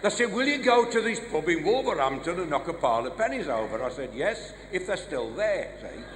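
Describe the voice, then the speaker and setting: A stand-up comedian from the English West Midlands, with a Black Country accent, performs live in a large venue, firing off one-liners and short gag stories. His voice is high and fairly quick with big pitch swings, recorded with hall reverb and faint noise.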